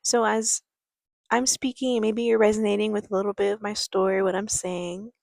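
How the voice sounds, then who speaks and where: A woman life coach talks to the camera in a soft, calm, quiet voice. She takes her time and stays patient and peaceful. Her voice sits in the middle range and sounds dry and close. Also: mid-range voice, vocal fry, no echo. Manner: unhurried, patient delivery. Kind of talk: reflective motivational talk to camera. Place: outdoors near a creek.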